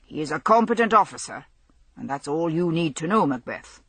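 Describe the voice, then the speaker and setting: A woman's voice: low voice, lively intonation, a little fast, slightly rough, dry recording, exaggerated voice. A woman voicing a stern, curt senior police superintendent, a man.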